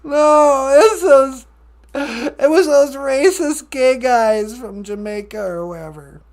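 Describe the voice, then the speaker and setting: A man's voice: very high voice, animated, takes it slowly, darkish tone, heavily acted. A man voicing a self-pitying adult male caller who whines and sobs through a comedy call-in sketch. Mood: weepy. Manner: whining, sobbing protests.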